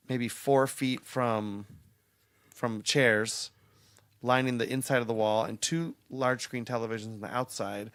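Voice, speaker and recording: A man's voice: medium pitch, fairly bright tone, dry recording. Wry rambling man on a podcast. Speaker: podcast co-host. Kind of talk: casual podcast chat.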